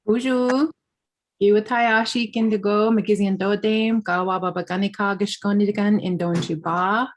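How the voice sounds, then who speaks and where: A woman introducing herself on a video-call panel, cheerful and relaxed. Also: mid-range voice, moderate pace. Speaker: panel guest.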